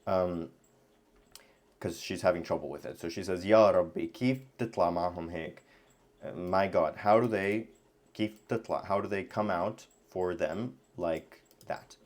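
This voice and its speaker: Speaking at normal speed in a low-pitched voice, an Arabic teacher gives a language lesson from his computer. He's casual, thinking aloud as he goes, with many fillers and restarts.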